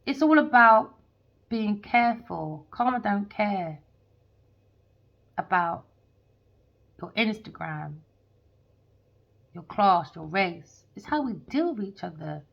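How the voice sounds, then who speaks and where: A woman's voice: mid-range voice, lively intonation, takes it slowly, gravelly, pauses often. A woman, a tarot reader ranting heatedly and swearing in a monologue. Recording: dull lo-fi recording.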